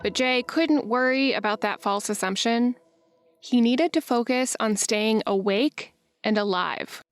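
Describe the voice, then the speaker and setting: Female podcast narrator, measured, slightly high, faint music. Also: smooth. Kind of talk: scripted narration.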